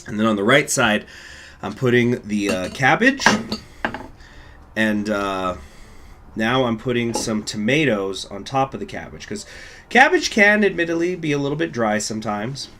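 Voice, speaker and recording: Talking casually to his live audience, this gaming channel host rambles and curses in an offhand way. He speaks at a moderate pace in a medium pitch, sounding animated, bright, and forceful.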